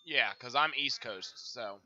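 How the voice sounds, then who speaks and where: A man's voice: mid-range voice, measured pace, pushed and bright, no echo, lo-fi sound. A man making offhand, distracted remarks in a casual voice chat.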